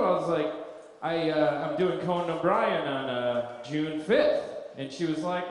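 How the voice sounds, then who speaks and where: A man performing a stand-up comedy set on a club stage, telling stories in a deadpan way with absurd punchlines. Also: fairly high pitch, normal speed, slight background noise. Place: comedy club stage before a live audience. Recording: echoey club with crowd laughter. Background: audience laughter.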